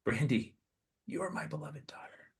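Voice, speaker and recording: A man voicing Jesus as a gentle, loving teacher, in a soft, nearly whispered tone. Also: on the high side, normal speed, slightly rough, pitched above the performer's own voice. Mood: tender.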